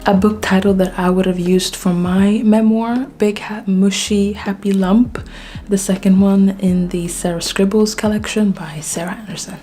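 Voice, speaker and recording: A woman's voice: mid-range voice, fairly even intonation, normal speed, dark tone, slight background noise. A woman from Sweden giving a casual bookshelf tour, chatty and self-deprecating with plenty of fillers, a little out of breath. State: slightly out of breath. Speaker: book vlogger.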